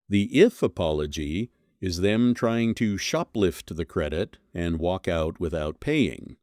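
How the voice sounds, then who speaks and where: A man's voice: low voice, expressive, slow, few pauses, a little mellow, no echo, clean studio sound. A man delivering a scripted commentary monologue, blunt and scornful, leaning hard on single words. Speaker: commentary host.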